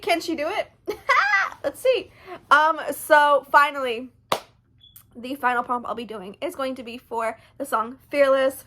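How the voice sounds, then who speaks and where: A chatty young woman talks straight to the camera about her reading plans. Her voice sits a little high, and she speaks in a lively, animated way, tossing in quick asides. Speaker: book vlogger. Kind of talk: casual chat to camera.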